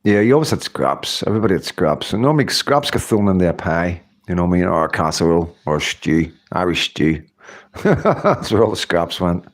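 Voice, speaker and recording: A man's voice: low-pitched, animated, a little fast. A middle-aged man hosting a casual livestream, chatting in a rambling way and laughing often. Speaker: livestream host. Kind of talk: casual live-stream chat.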